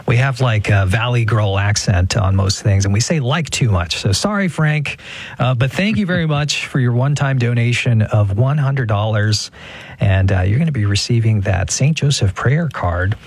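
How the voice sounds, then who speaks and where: A man from California hosts a radio pledge drive in a husky voice with a dry, close sound. He is chatty and self-deprecating and often pauses on an "uh.". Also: medium pitch, no room sound. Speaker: radio host. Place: radio studio.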